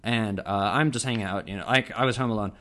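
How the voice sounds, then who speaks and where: A man's voice: on the low side, quick pace, bright, forceful tone. A man co-hosting a casual podcast, telling a story in a rambling way full of uhs, restarts and laughs. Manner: rambling, self-interrupting with many uhs and laughs. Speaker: podcast co-host.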